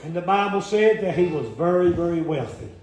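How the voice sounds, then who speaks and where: Brief: high-voiced evangelist man, folksy sermon, very echoey hall, faint music. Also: fairly quick, a little mellow. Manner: folksy, frequent "uh" fillers, asks the congregation questions. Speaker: evangelist preacher. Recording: very echoey church room with music behind.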